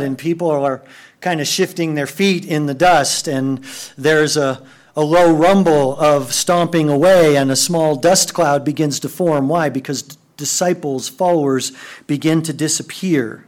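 A man preaching a sermon, moving between quiet, hushed passages and excited, raised outbursts. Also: on the high side, measured pace. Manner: animated, swings from hushed to excited. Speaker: pastor.

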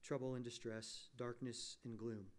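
A man delivering a sermon to his congregation at a mid-range pitch. He asks pointed rhetorical questions and climbs into forceful, emphatic peaks. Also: flat delivery, a little slow. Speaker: pastor.

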